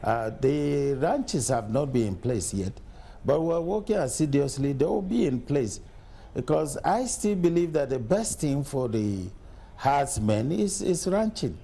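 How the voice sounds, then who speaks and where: A middle-aged man from Nigeria, a state governor answering questions in a TV news interview, arguing forcefully with rhetorical questions. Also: mid-range voice, animated, a little slow, gravelly, slightly rough.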